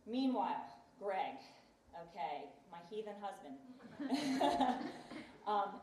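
A woman's voice: mid-range voice, very animated, slow, roomy sound, distant mic, noisy background. A woman casually telling a personal story, chatty and acting out what others said. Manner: chatty, acts out quoted voices. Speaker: guest telling her faith story.

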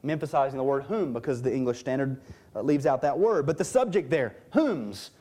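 Emphatic male preacher with a mellow tone. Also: mid-range voice, expressive, fairly quick. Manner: emphatic, stresses key words, reads and explains scripture. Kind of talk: sermon.

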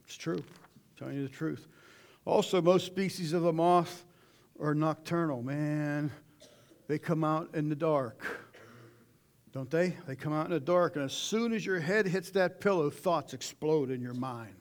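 A middle-aged man preaching a sermon in a folksy, animated way, with sudden shouted asides. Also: fairly high pitch, measured pace.

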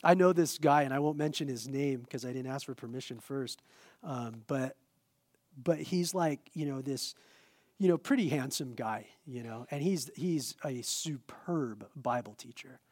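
A male pastor preaching a sermon in a lively, conversational way with self-deprecating humor. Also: mid-range voice, measured pace, no room sound.

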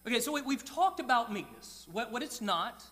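A middle-aged male pastor delivers a sermon in a high, bright voice. He tells stories and often drops into soft, quiet asides. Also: sing-song. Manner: storytelling, with quick dips into soft quiet asides.

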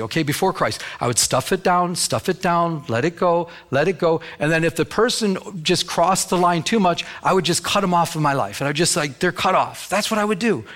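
A man's voice: on the high side, fairly bright tone. A middle-aged man preaching a sermon as pastor, talking to the congregation in a conversational way and acting out little dialogues. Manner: conversational, acts out dialogue with God.

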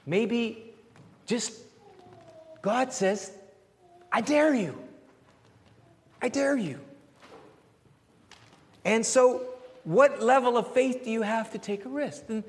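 A man pastor giving a conversational sermon with questions and answers, animated and repeating phrases as he searches for words. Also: high-pitched, big-room sound.

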